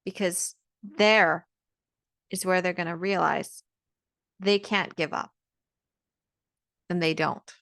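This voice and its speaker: A woman's voice: lowish voice, steady tone, slow, pauses often, a bit bright, dry recording, studio quality. A woman speaking straight to camera in an earnest, emphatic motivational talk, often repeating words as she presses a point. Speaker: vlogger giving encouragement.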